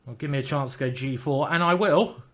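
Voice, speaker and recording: Male streamer, rambling live commentary, mid-pitched, casual, mildly sweary. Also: a little fast. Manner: chatty, rambling, with mild swearing. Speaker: chess grandmaster streaming his games.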